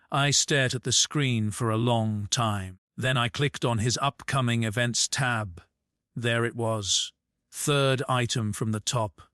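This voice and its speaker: A man narrating a first-person audiobook story in a measured, restrained way. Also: mid-range voice, sharp tone, clear, resonant tone, no echo, studio quality.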